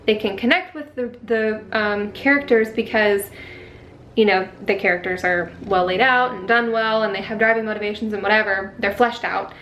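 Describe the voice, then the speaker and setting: A woman's voice: steady tone, moderate pace, a bit bright, slight background noise. A young woman in her twenties, an author vlogging casually from home, chatty and rambling with frequent self-corrections. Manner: coos in a high voice when talking to her dogs. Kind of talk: casual vlog talk.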